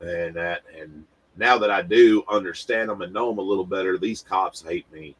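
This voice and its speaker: Husky man chatting on stream. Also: deep voice, moderate pace. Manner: rambling, talks straight to viewers, stumbles and repeats words. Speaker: livestream host. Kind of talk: casual livestream chat.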